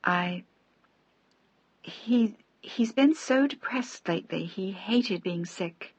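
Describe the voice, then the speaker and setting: A woman's voice: mid-range voice, lively intonation, takes it slowly, husky, dry recording, dull audio, heavily acted. A woman voicing a grieving young widow who speaks in faltering, tearful, barely audible words, in an audiobook.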